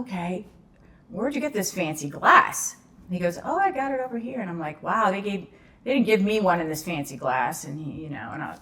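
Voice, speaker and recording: A woman tells a story as a podcast guest, chatting casually. Her voice sits a little low. She acts out the people in the story with lively shifts. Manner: animated storyteller acting out quoted dialogue.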